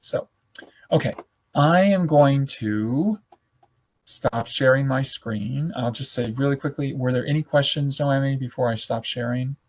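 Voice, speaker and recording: A man presenting a live webinar, walking viewers through a software demonstration in an informal, self-correcting way, thinking aloud and a little hoarse as he loses his voice. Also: medium pitch, a little slow. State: losing his voice.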